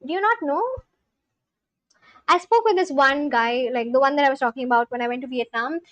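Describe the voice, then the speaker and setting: High-voiced young woman streamer. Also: fairly quick, fairly bright tone, no room sound. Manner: talks back to chat, scolding and reassuring; loose filler-heavy speech. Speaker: livestreamer. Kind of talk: casual live-stream chat with viewers.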